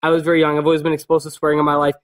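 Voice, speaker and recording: A man in a casual vlog rattles off a childhood story at a quick clip. His voice sits a little high. He rambles, loops back on himself and drops swear words constantly. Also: monotone. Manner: many fillers and restarts. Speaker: vlogger.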